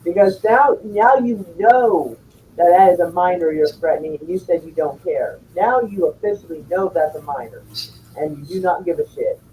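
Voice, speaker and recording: A woman spins a long blunt story, swearing freely as she chats with her listeners. Her voice is warm and dark. A faint hiss sits under the recording. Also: fairly low pitch, normal speed, far from the mic, rough recording. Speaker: streamer chatting with viewers. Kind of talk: casual chat.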